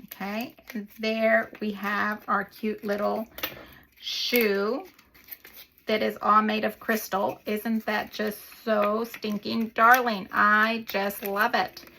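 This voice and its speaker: A woman's voice: mid-range voice, flat delivery, slow, gravelly, bright, forceful tone, slight background noise. A woman hosting a paper craft video, chatting casually as she works and gushing over the little details.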